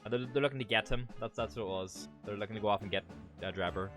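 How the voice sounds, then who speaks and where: Chatty Irish streamer, casual and rambling. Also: male voice, on the low side, quick pace, over music. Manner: rambling, swears, chats with viewers. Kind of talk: casual gameplay commentary.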